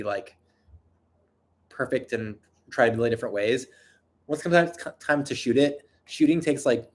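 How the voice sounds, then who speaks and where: Nasal man chatting on a livestream. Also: medium pitch. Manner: self-deprecating, rambling, with frequent restarts and laughter. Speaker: video creator and livestream host. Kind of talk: casual livestream chat answering viewer questions.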